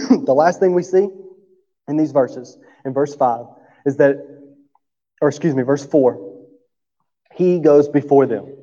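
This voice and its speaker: A man's voice: fairly high pitch, warm tone. A male pastor preaching a sermon in a church, talking to the congregation in an easy, conversational way, often checking in with "right?", and coughing now and then. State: coughing through the talk. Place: church sanctuary. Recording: dull sound with long hall reverb.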